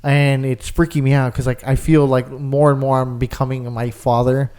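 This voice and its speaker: A young man chatting on a podcast, with a middle-pitched voice that sits right in the usual range. He tells stories in a rambling, casual way, packed with fillers and restarts. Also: flat delivery, moderate pace, a little mellow, clear, resonant tone. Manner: rambling storyteller, lots of "like". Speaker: podcast co-host. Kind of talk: casual chat.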